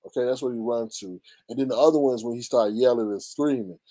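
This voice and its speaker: A man hosting a casual gossip commentary, animated and mocking, often jumping into high squeals. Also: fast, dry recording. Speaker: YouTube commentary host.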